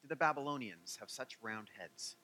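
A man voicing a brash, rude adult man who wants to win a bet, speaking loudly and impatiently. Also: mid-range voice, lively intonation, moderate pace, low-quality recording.

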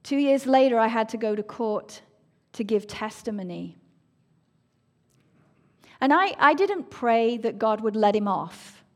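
A woman's voice: on the high side, expressive, measured pace. Earnest woman sharing a faith testimony. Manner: earnest, emotional, drops to soft near-whispers. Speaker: speaker sharing a personal testimony.

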